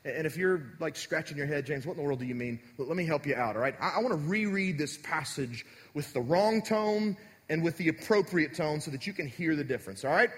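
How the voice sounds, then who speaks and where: A man's voice: on the high side, animated, brisk. A man preaching a sermon as pastor, talking directly and conversationally to his congregation. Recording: echoey hall.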